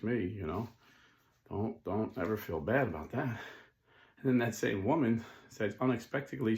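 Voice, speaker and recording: Man, low voice, casual channel host, self-deprecating, lots of ums and restarts. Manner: rambling and self-deprecating, many fillers and restarts; earnest, folksy working-class talk. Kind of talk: casual monologue to supporters.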